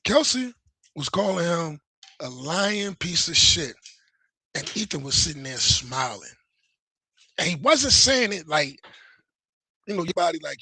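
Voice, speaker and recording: Brief: fired-up male livestream host, bright and husky, swearing a lot. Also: a little high, moderate pace, pauses often, no room sound. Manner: heated, profane, animated. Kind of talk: casual livestream rant.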